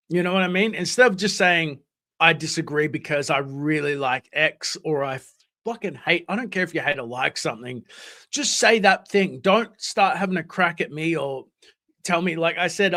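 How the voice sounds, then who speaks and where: A man's voice: fairly high pitch, moderate pace, sharp tone. An Australian man hosting a live stream, chatting casually, swearing freely and reading out comments from chat. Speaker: livestream host.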